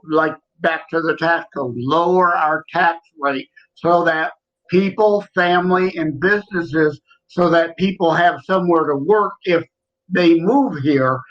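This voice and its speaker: A man's voice: a little high, a bit bright. A man co-hosting a podcast, chatting earnestly. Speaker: podcast co-host. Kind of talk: casual chat. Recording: dull lo-fi sound.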